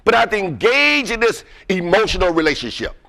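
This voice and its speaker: A man's voice: high-pitched, big pitch swings, a little fast, vocal fry, pushed and bright. A man giving an interactive motivational lecture, energetically quizzing the audience with fill-in questions. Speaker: workshop presenter.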